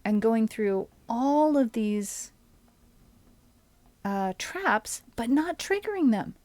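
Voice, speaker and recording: A woman streamer giving casual commentary while she plays a game, thinking aloud and often dropping to a soft mutter. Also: fairly high pitch, big pitch swings, slow pace, dry recording.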